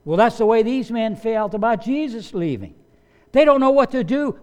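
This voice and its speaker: A man's voice: extremely high pitch, lively intonation, normal speed, darkish tone. A man preaching a sermon as pastor, emphatic and repeating key phrases for weight.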